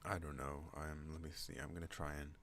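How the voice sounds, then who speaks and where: A man hosting an ASMR channel, talking in a slow rambling way and drifting off on tangents. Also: a little hiss or hum. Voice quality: deep relaxed voice. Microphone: non-binaural desk microphone.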